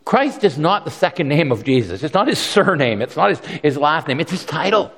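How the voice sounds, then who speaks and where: A man's voice: fairly high pitch, fairly quick. Man preaching in a reverberant hall. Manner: conversational, repeats words, animated voices for quotes. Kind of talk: sermon.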